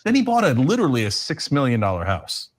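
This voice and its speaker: Guy on a politics show, lively swooping voice, sarcastic, laughs a lot. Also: mid-range voice, quick pace. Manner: animated, sarcastic, laughs while talking. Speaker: co-host. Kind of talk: casual political commentary.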